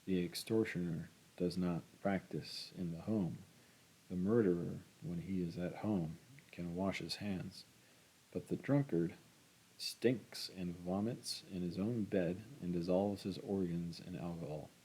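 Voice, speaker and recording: A man voicing a scornful, blunt middle-aged woman in a read-aloud novel, louder and scolding. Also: low-pitched, steady tone, measured pace, slightly rough, exaggerated voice.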